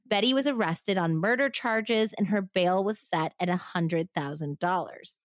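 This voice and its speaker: A woman's voice: on the low side, dry recording, clean studio sound. A woman hosting a true crime podcast, telling the story casually with a twang, laughing often and doing drawling voices for quotes. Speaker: podcast host.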